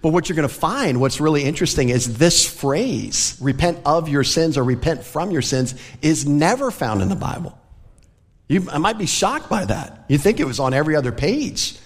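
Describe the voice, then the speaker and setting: A man's voice: on the high side, big pitch swings, normal speed, long reverb tail. A man preaching a sermon as pastor, from the American South, speaking earnestly and conversationally with light laughs. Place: church sanctuary.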